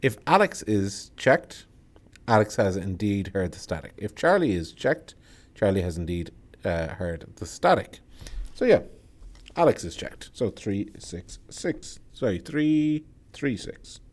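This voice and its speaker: A man's voice: fairly low pitch, big pitch swings. A man reading a solo tabletop horror game aloud and breaking off to comment on his choices. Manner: reads the text aloud, then adds quick asides about his choices. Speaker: solo game player and narrator.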